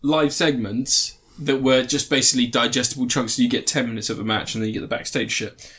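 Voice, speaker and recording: A man's voice: mid-range voice, fairly even intonation, brisk, fairly bright tone. Rambling man in casual chat. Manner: rambling, many fillers and restarts.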